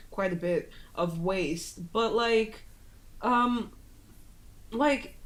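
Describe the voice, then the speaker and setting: A woman's voice: medium pitch, very slow. A woman co-hosting a podcast in casual chat, talking freely with lots of fillers and swearing. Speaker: podcast co-host. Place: home in Italy.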